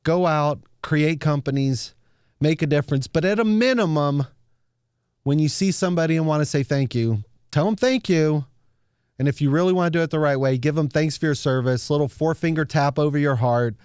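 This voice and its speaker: A man's voice: fairly high pitch, moderate pace, darkish tone, smooth, no echo, clean studio sound. A man telling an emotional, earnest story in a motivational talk, often repeating words as he goes. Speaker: speaker sharing a founder story.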